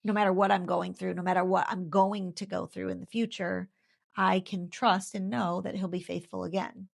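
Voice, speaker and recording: A woman's voice: lowish voice, little pitch movement, moderate pace, vocal fry. A woman in her thirties sharing her faith story in an interview, earnest and heartfelt, repeating phrases for emphasis.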